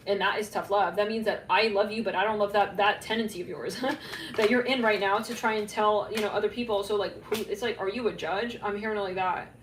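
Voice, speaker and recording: A woman giving a casual, rambling psychic tarot reading, full of fillers and quick asides, sometimes laughing at herself. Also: mid-range voice, steady tone. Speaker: tarot reader. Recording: echoey room, faint background hum.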